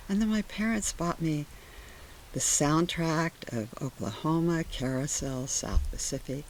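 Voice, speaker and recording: An older woman from the Sacramento area recounting memories in an oral history interview, animated and acting out the dialogue as she talks. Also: deep voice, measured pace, slight background noise. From Sacramento area, USA. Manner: animated, re-enacts dialogue in her stories. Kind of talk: conversational storytelling.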